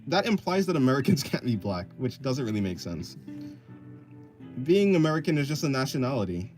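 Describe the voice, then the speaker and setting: Rambling, lively-voiced male streamer. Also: mid-range voice, a little fast, faint music behind. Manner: rambling, self-correcting, often laughing; offhand, apathetic. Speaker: livestreamer answering chat. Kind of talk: casual live-stream chat.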